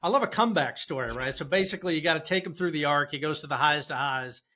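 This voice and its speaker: Male co-host, sharp bright tone, runs the segments. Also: on the high side, expressive, fast talker, slight background noise. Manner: leads the talk, passes to guests. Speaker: podcast co-host. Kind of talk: casual movie chat.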